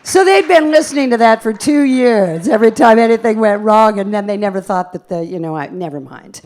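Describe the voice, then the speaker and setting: A woman pianist and bandleader telling lively, self-deprecating stories from a theater stage into a stage microphone between songs. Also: fairly high pitch, fairly quick. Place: theater stage at a live concert.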